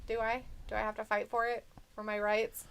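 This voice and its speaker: Giggly woman reading out chat on a stream, kinda higher voice. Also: flat delivery, brisk, a crowd in the background. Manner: giggly, laughs often. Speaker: co-host of a wrestling live stream. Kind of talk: casual chat, reading viewer comments.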